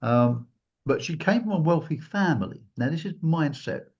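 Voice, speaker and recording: A man with a husky, somewhat high voice tells a personal story, his pitch swinging widely as he acts out scenes. The recording is dull and lo-fi. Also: moderate pace. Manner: animated, acts out quotes in a raised voice. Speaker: guest speaker. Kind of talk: storytelling in a talk.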